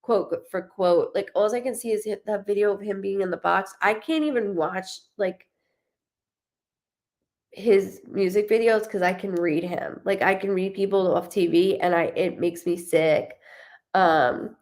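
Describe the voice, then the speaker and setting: A young woman with a mid-range voice and moderate pace is giving a live reading as a medium. She chats in an animated way, laughs frequently, and brings the spirit's messages to life in a lively quoting voice.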